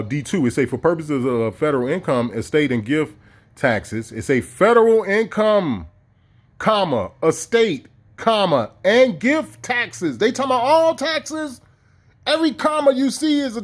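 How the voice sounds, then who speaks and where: Man, high voice, irate, profane, emphatic monologue. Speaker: online video host. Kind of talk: heated monologue reading legal text.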